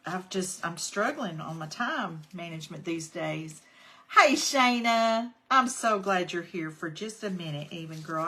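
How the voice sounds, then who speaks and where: A craft tutorial host, a woman with a mid-range, pushed and bright voice, demonstrates a project on a casual livestream. Between steps she chats and greets her viewers by name.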